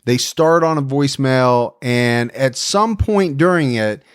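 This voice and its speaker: Male podcast cohost, animated chatty delivery, dry close sound. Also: mid-range voice, measured pace, clean tone, dry recording. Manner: conversational, animated, emphatic. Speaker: podcast host. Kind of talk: casual chat.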